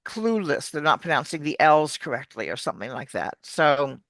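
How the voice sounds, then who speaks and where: A woman's voice: low voice, expressive, fairly quick, vocal fry, a bit bright, no room sound. A woman, a coach explaining pronunciation in a chatty, restarting way during an interview. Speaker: accent coach. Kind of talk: casual video-call interview.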